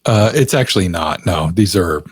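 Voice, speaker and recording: A man appearing as a podcast guest tells a personal story in loose, chatty speech packed with fillers and frequent laughter. His voice is low-pitched and breathy-edged, with lively intonation at a normal speed.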